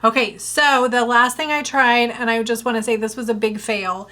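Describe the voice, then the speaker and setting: Bright, chatty woman beauty vlogger. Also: on the high side, normal speed. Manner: chatty, animated, lots of fillers and retold quotes. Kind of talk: casual storytelling review.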